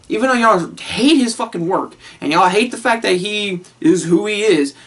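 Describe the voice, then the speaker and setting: A man's voice: sits high, expressive, moderate pace, a bit bright. Profane ranting man. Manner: heated, profane, swearing constantly; laughs between points. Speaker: vlogger. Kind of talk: casual rant to camera.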